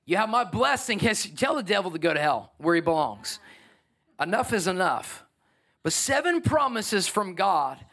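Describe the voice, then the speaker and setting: A middle-aged man preaching a sermon as pastor, conversational and emphatic, swinging from soft to loud. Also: high voice, very animated, moderate pace.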